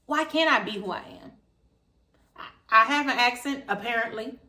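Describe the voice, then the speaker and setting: A woman with a Washington D.C. area accent speaks with a fairly high, bright voice, animated and emphatic as she vlogs straight to camera. Her talk is casual and full of slang. The sound carries a noticeable room echo. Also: normal speed. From Maryland, USA. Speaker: vegan vlogger.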